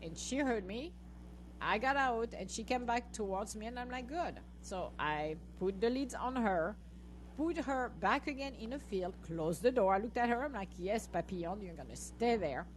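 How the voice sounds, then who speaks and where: A woman's voice: fairly high pitch, normal speed, slight background noise, low-quality recording. A middle-aged woman hosting a podcast, telling a funny story in a casual chat and acting out what she said, often laughing. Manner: animated, laughing, acts out her own lines to the dogs. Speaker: podcast host.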